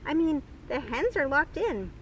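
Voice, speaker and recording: A woman reading a storybook puts on a fussy old gardener who frets and scolds over his ruined vegetable patch. The voice sits high and jumps around a lot. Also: sing-song, unhurried, fairly bright tone, slight background noise, heavily acted, rough recording. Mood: flustered.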